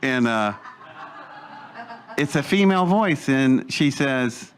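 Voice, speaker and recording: A man in his sixties telling a first-person story in an animated way, laughing as he talks and jumping higher in pitch when excited. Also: slow, clear, resonant tone. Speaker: eyewitness storyteller.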